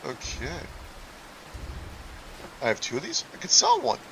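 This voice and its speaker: A man's voice: on the high side, huge pitch swings, unhurried, gravelly, noisy background. A man casually commenting while playing a game, thinking aloud, rambling and trailing off mid-sentence. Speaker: gaming video creator. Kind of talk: casual let's-play commentary.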